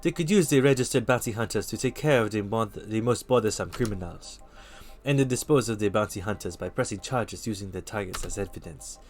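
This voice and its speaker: In a lightly acted reading of game dialogue, a man takes on the role of a worldly bar regular spinning dark stories. He uses a fake, vaguely Russian accent with a lowered, measured delivery, and there's faint music underneath.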